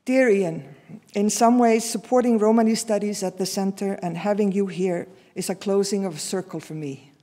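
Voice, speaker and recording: Husky woman from Iceland introducing a speaker. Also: mid-range voice, fairly even intonation, moderate pace. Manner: warm, personal, with frequent restarts and fillers. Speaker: seminar speaker introducing the guest. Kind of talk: formal introduction speech. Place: lecture hall. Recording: long hall reverb.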